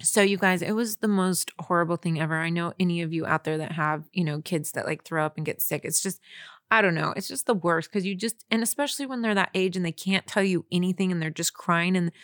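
A young woman co-hosting a casual podcast conversation tells a story animatedly, acting out her own reactions along the way. Her voice is lowish and a little fast, recorded dry and close with no room sound around it.

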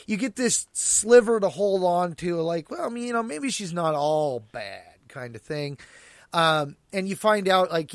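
A man chatting casually as a podcast co-host, animated and laughing often as he acts out quoted lines. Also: a little high, dry recording. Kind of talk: casual chat about an audio drama.

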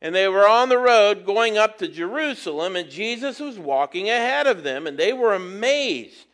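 Casting: high-pitched male preacher, easygoing and folksy, teaching with chuckles. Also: expressive, moderate pace, a bit bright. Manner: folksy and conversational, with chuckles and playful asides. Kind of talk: casual sermon.

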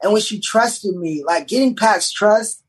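A young man, a writer, chatting casually on a podcast and telling an animated story full of restarts. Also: high-pitched, measured pace, husky, poor audio. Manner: animated storyteller, many restarts, does voices in quotes. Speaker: writer and showrunner guest.

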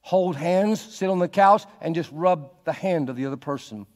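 A man preaches with a slightly raised pitch, his voice trailing off into a long hall reverb. He swings between quiet, intimate stretches and loud, emphatic bursts. It is a pastor's sermon from the pulpit. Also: normal speed.

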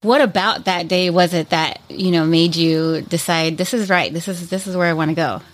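A woman hosting an interview, asking brisk, playful questions. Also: on the low side, steady tone. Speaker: interviewer host. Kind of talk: casual interview.

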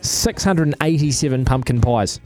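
A man's voice: medium pitch, expressive, moderate pace, warm tone, faint music behind. A man with an Australian accent, reading quirky news stories on air in a casual, jokey way, full of fillers. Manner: chatty, jokey, lots of fillers. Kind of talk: casual radio banter. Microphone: studio microphone.

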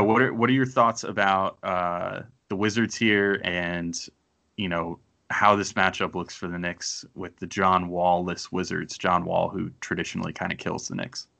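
A man's voice: low voice, vocal fry, pushed and bright. A man hosting a casual sports podcast, rambling and self-deprecating as he thinks aloud. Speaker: podcast host.

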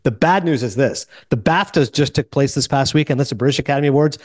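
A man hosting a casual movie podcast, telling stories quickly and acting out the people he quotes. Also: medium pitch, no echo, studio quality. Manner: fast, animated storytelling with quoted voices. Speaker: podcast host.

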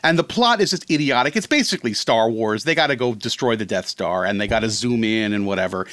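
A man talking as a guest in a casual podcast chat, animated and rambling, often correcting himself mid-sentence. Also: on the low side, brisk, no echo. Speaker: film critic guest.

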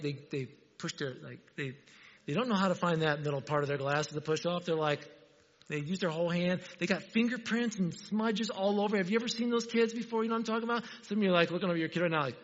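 A pastor preaching in a relaxed, chatty way, slightly high-pitched and husky, often putting questions to the congregation. His voice rings through a church hall with long reverb. The sound is muffled and lo-fi. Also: fast. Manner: conversational, asks the congregation questions, joking. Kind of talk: sermon. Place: church sanctuary.

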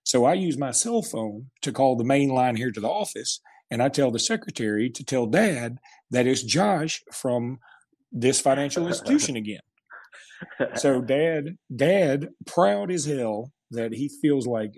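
A man's voice: mid-range voice, expressive, unhurried, a little mellow, breathy edge. A man in his forties, a show host telling a funny story in casual chat and laughing through his punchlines. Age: 40s.

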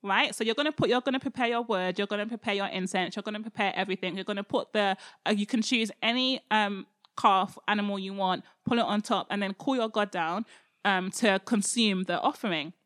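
A woman telling Bible stories in casual chat, animated and laughing, acting out characters' lines. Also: medium pitch, a little fast, no echo, studio quality.

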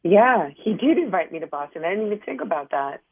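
A young woman calls in over a tinny phone line, nervous and a bit embarrassed, with "um" and "like" in her speech. Her voice carries a gravelly fry, and the sound is dry. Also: lowish voice, big pitch swings, quick pace, no echo. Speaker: caller. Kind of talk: phone-in question.

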